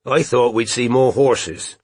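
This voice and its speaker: A gruff male private detective, awkward and careful with his words, as a narrator plays him. The voice is husky and low, recorded dry and close. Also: measured pace, darkish tone, no room sound, lightly acted. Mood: casual.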